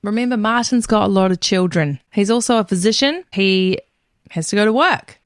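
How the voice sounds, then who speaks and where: A woman's voice: medium pitch, expressive, moderate pace, no echo, clean studio sound. A woman co-hosting a podcast, telling a story in a gossipy, casual way and swearing freely. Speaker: podcast co-host.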